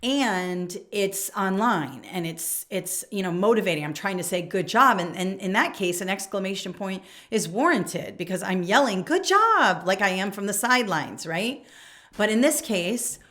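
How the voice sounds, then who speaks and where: A woman's voice: medium pitch, normal speed, fairly bright tone. Woman, 40s, education coach: direct, emphatic instructional talk to camera. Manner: direct and emphatic, reads example emails aloud.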